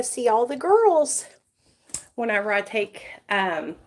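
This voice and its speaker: A woman's voice: on the high side, big pitch swings, slow pace. A woman vlogging casually while doing her makeup, rambling and chatty with many fillers, and doting on her dog. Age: adult parent.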